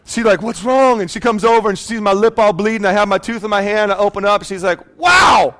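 A pastor in his thirties preaches a sermon in a high-pitched voice at a quick pace. He tells a personal story with animated energy and calls out to the congregation.

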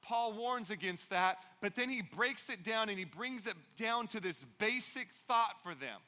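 A man's voice: sits high, animated, unhurried, pushed and bright. A middle-aged man preaching a sermon as pastor, telling stories with playful asides to the congregation. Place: large church auditorium. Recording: long hall reverb in a church.

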